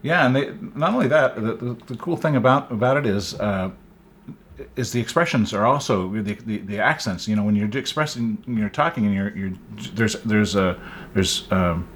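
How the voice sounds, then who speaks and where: A man with a somewhat low voice co-hosts a casual tech podcast. He explains things at length, with frequent pauses and restarts. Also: lively intonation, a bit bright. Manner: many fillers and restarts, explaining. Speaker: podcast co-host.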